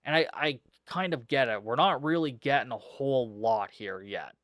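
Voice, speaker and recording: A young man hosts a podcast in a casual review chat, sounding sarcastic and fed up. His voice sits at a middling pitch. The recording is dry and close, with little room sound. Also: moderate pace, a bit bright, no room sound. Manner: sarcastic, exasperated, swears freely. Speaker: podcast host. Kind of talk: casual movie review recap.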